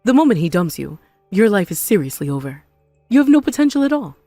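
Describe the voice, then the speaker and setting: A woman voicing a spiteful, possessive mother-in-law in an animated story, scornful and melodramatic. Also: medium pitch, fast talker, dry recording, faint music behind. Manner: scornful, melodramatic, self-pitying.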